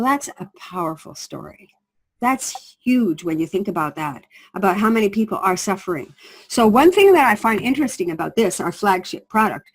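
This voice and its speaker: A woman's voice: medium pitch, breathy edge, poor audio. A middle-aged woman presenting a skincare product through a told story, acting out the people she quotes. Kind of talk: storytelling sales pitch.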